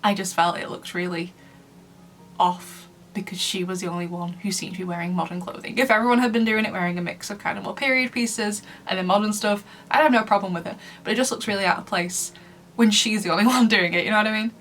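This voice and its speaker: A woman's voice: mid-range voice, steady tone, fast, fairly bright tone, soft background music. A woman from Lancashire giving a casual review commentary in a chatty way, laughing often between points. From Lancashire, England. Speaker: book reviewer.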